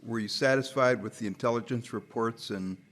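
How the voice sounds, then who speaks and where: A man interviewing a guest, asking his questions in a measured, deliberate way. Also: medium pitch, fairly bright tone.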